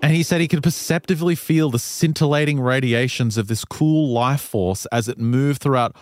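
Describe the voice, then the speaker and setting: A man spins a strange tale to his co-host, loose and animated, breaking into laughter as he goes. His voice sits at an ordinary middle pitch. The sound is dry and close, with no room echo. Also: moderate pace. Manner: animated retelling, laughs often, loose fillers. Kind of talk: casual storytelling chat.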